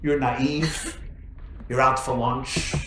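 A man's voice: mid-range voice, steady tone, extremely slow, a bit bright, reverberant, slight background noise, voice pushed down. A man quoting a blunt, practical rabbi's wife. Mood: teasing. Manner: blunt, teasing.

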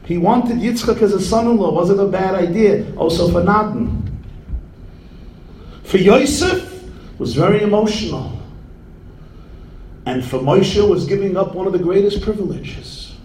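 A man's voice: high-pitched, animated, a little slow, long pauses, darkish tone, reverberant, slight background noise, rough recording. A man giving a humorous sermon as a rabbi, telling stories and jokes sprinkled with Yiddish words.

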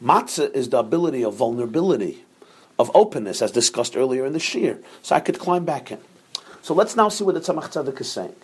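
A man a husky, slightly breathy voice gives a Torah lesson. He speaks, moving patiently through each point and stopping to ask his listeners "right?" His pitch sits in an ordinary middle range for a man. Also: animated, fast talker. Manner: explains step by step, often checking with 'right?'. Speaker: Torah teacher. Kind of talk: Torah class lecture.

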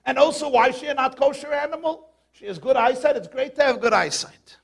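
A man teaching a Torah lecture full of stories and rhetorical questions, shouting now and then for emphasis. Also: extremely high pitch, brisk, gravelly, husky.

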